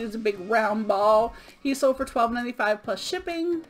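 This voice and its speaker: Chatty woman reseller, slightly high voice. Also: normal speed, hardly any pauses. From Florida. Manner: chatty, upbeat, many ums. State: sick, out of breath. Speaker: eBay reseller vlogger. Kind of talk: casual show-and-tell vlog.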